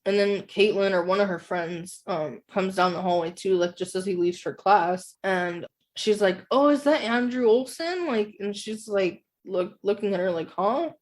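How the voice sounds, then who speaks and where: A woman's voice: lowish voice, steady tone, normal speed, few pauses. A woman co-hosting a casual book-club podcast, who rambles as she retells and fills her speech with "like". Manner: rambling, full of "like" fillers while retelling. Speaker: podcast co-host.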